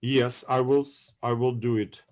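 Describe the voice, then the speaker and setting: A male university lecturer gives an online class over a video call. He speaks slowly and at a middling pitch, pausing often to hunt for English words. He keeps checking that his students follow him. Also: steady tone. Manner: halting, searching for English words, many fillers.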